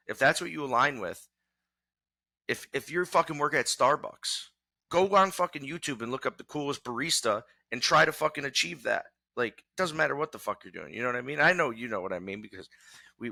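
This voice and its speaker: Fired-up young man, very bright voice. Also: mid-range voice, gravelly, no echo. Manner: fired-up, profane, rambling with restarts. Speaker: podcast guest, former college wrestler. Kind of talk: casual interview talk.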